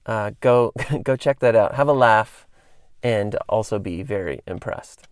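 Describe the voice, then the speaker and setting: A man's voice: on the low side, a little slow, clean tone, no echo, studio quality. A man in his late thirties telling stories in a casual, rambling monologue, full of fillers and tangents, as a podcast host. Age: 30s.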